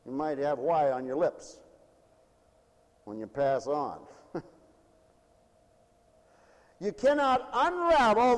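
A man delivers a lively sermon in a high, swooping voice that climbs and dips all the time. He is playful and laughs often, mimicking whiny voices for effect. His words ring out with a long reverb, as in a large church hall. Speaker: preacher.

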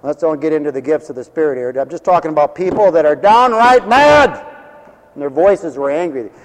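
A man preaching a sermon, telling Bible stories in an animated way and acting out the scenes. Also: a little high, fairly quick, in a large hall, a little hiss or hum.

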